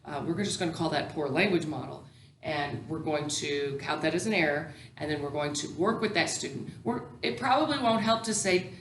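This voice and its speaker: Woman teacher talking thru a lesson, lowish voice, lots of ums, echoey room w faint hiss. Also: moderate pace. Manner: explanatory, with frequent ums and restarts. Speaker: teacher educator. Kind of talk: recorded lecture.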